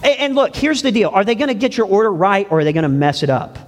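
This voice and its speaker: High-voiced pastor in a reverberant church. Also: male voice, very animated, fast talker. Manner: folksy storytelling, asks the congregation. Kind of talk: sermon.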